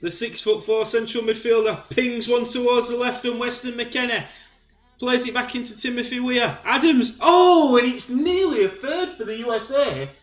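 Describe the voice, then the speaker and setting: A man giving excited play-by-play commentary on a football video game, shouting when goals go in. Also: very high voice, moderate pace, roomy sound, faint music behind. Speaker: gaming commentator.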